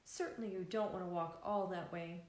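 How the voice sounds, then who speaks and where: A polite, courteous hotel clerk, read by a woman makes gentle objections in a plain voice. The reading carries an echoey room sound. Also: on the low side, fairly even intonation, moderate pace, lightly acted. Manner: courteous, with a laughing failed accent.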